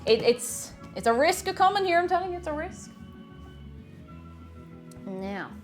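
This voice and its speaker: Lively woman baking on stream. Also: extremely high pitch, unhurried, faint music behind. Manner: chatty, reads chat aloud, bursts of excited whoops. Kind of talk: casual live-stream chat. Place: home kitchen.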